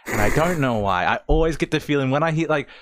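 A man's voice: a little high, animated, fast talker, a bit bright, dry recording. A young Australian man co-hosting a podcast, joking and swearing in casual chat. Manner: swears, laughs along, chimes in with jokes. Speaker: podcast co-host.

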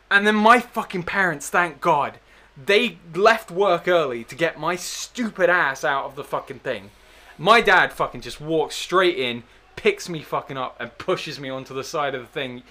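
A young man tells a story at a casual chat. His voice sits a little high and sounds bright and forceful. He swears freely, stays animated and makes fun of himself. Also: moderate pace. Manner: sweary, animated, self-mocking. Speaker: podcast guest storyteller.

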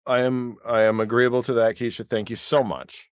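A man's voice: medium pitch, fairly quick, clean tone, dry recording. A man who runs a tabletop game, a guest on a podcast, chatting casually with dry jokes. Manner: dry joking, lively intonation. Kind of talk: casual chat.

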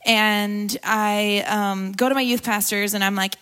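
A young woman, a guest speaker at a church gathering, shares a candid personal testimony in a medium-pitched, steady, slightly bright voice, speaking briskly with hardly any pauses. She preaches conversationally, laughing often and tearful at times.

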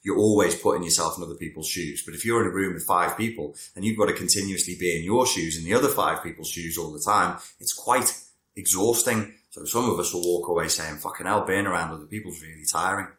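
A man with a low, slightly bright voice talks briskly in a roomy-sounding space. He's a therapist speaking casually to camera about personality traits in a talking-head explainer, wandering off on tangents and dropping wry asides.

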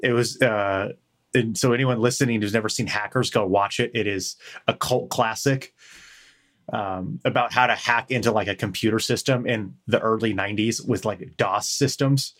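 A deep-pitched man with a Western American accent talks loosely on a podcast. He wanders through his points with plenty of ums and swearing. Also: steady tone, normal speed, a bit bright. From United States. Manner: rambling, full of fillers and profanity. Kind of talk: casual chat.

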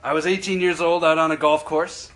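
A man on a podcast telling a profane, animated story in casual chat. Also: a little high, fairly quick, loud music behind the voice. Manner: profane, animated, acts out voices in his stories. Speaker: podcast co-host.

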